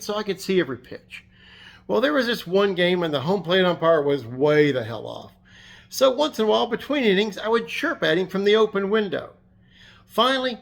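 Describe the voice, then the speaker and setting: A man's voice: high-pitched, fairly bright tone. A man hosting his fishing channel, delivering a sarcastic, combative rant and telling a story. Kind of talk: ranting vlog monologue and anecdote.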